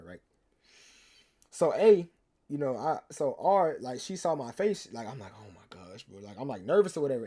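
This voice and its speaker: A man's voice: fairly high pitch, warm tone, husky. A young man, telling a rambling, slangy story to his stream chat and teasing viewers. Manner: rambling, slangy, repeats himself, teases chat.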